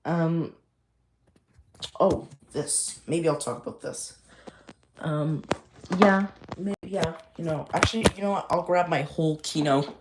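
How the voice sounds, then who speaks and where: A man's voice: fairly high pitch, unhurried, pauses often. Male streamer, casual and rambling, echoey room with a faint hiss. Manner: rambling, many fillers and restarts. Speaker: live stream host. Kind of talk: casual live stream chat. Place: home room.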